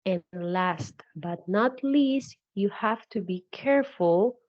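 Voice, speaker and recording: A woman narrating an English spelling lesson, slowly and carefully repeating each example. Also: medium pitch, lively intonation, highs cut off. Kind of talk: recorded English grammar explanation.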